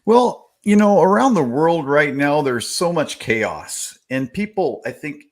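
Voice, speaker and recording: A man's voice: a little high, expressive, a little slow. A man co-hosting a talk radio show, meandering with many fillers as he shares his views. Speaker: radio co-host. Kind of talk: casual talk radio discussion.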